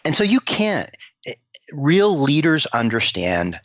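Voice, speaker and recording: Animated storytelling man, dull dry sound. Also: a little high, takes it slowly, dry recording. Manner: animated storyteller who acts out quoted dialogue. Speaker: CEO and guest. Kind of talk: storytelling interview talk.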